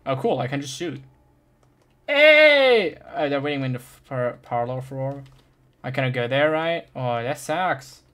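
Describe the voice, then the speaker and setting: A young adult German-native streamer, excitable and laughing, swearing and chatting with viewers while playing a game. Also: mid-range voice, moderate pace. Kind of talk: live-streamed gameplay chat.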